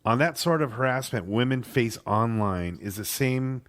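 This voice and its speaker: A man's voice: mid-range voice, animated, moderate pace, fairly bright tone. A man co-hosting a casual sports podcast, swearing freely and stumbling over words as he reads an article aloud. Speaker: podcast co-host.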